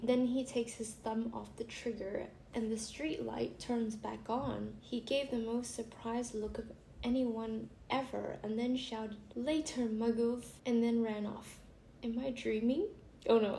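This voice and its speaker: Giggly young woman with a high voice. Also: vocal fry, dark tone. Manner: chatty, giggly, breaks off to laugh. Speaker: vlogger. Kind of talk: casual reading of funny stories. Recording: echoey room with faint hiss.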